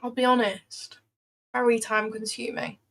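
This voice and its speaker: A woman's voice: on the high side, level tone, measured pace, fairly bright tone. A young British woman chatting casually while trading on a livestream, talkative and self-deprecating, often repeating herself. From Britain. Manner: chatty, self-deprecating, repeats phrases, breaks into playful singing. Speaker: livestreaming day trader. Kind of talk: casual live-stream chat.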